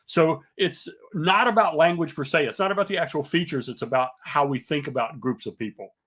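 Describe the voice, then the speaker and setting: A man, a linguist guest, explaining in a measured, professorial way with frequent pauses and fillers. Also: on the high side, a bit bright. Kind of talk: conversational explanation.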